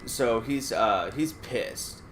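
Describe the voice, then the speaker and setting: A man's voice: medium pitch, animated, slow pace, fairly bright tone, soft background music. A man casually telling a rambling, profane story while playing a game. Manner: profane, rambling anecdote with restarts. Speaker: let's play gamer. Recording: echoey room.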